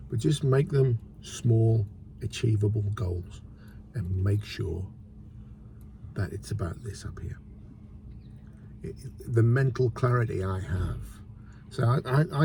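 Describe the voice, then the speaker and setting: A man's voice: lowish voice, mellow, a little hiss or hum. A middle-aged man chatting casually to camera outdoors, rambling and eating as he talks. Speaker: vlogger. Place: outdoors in a city square.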